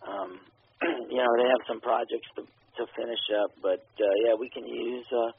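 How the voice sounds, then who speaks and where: A man's voice: medium pitch, steady tone, moderate pace, husky. A man, a filmmaker guest, talking casually in an interview, hesitant, with many ums. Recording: phone-like radio audio.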